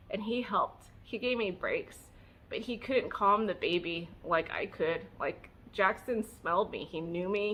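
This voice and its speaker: A woman speaks in a casual vlog with a bright, slightly tense voice. She tells her story candidly and emotionally, filling it with "like" and little self-mocking laughs. Now and then she acts out what she once said. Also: medium pitch, a little hiss or hum. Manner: animated, acting out her own past words. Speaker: vlogger sharing her story.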